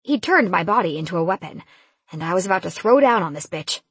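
Husky expressive woman narrator. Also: on the low side, fast talker, no echo. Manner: expressive, lively storytelling. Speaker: audiobook narrator. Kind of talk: first-person fantasy audiobook narration.

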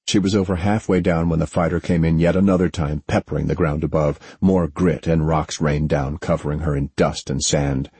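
A man reading a story aloud as a narrator, in a steady, measured way. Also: extremely low pitch, breathy edge, dry recording. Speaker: audiobook narrator. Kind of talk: scripted narration.

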